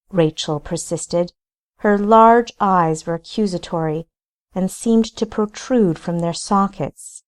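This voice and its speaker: A woman, the author, reading her own novel aloud in deliberate audiobook narration. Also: lowish voice.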